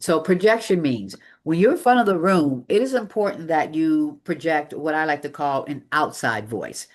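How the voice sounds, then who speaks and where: A public speaking coach teaches a live room with an energetic, emphatic delivery and a mid-range voice. The pace keeps shifting, slowing on key points and speeding through transitions. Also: mid-range voice. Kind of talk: live training presentation. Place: meeting room with an audience.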